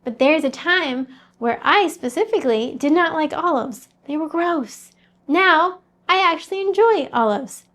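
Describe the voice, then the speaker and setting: A woman's voice: high voice, expressive, a little slow, a bit bright. A woman talking as a mindset coach, giving an earnest, conversational motivational talk straight to the listener.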